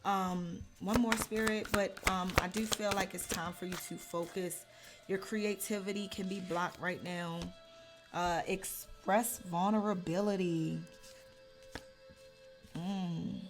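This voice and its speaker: Earnest woman tarot reader, soft music. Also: fairly low pitch, fairly even intonation, slow pace. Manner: earnest, gets heated and emphatic. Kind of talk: casual tarot reading to camera.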